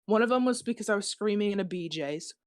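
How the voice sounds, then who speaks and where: A woman in her twenties, a guest on a podcast, telling stories fast in casual, cussing chat. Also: mid-range voice, dry recording. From South Carolina. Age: 20s. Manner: fast, swearing, animated storytelling. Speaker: guest musician.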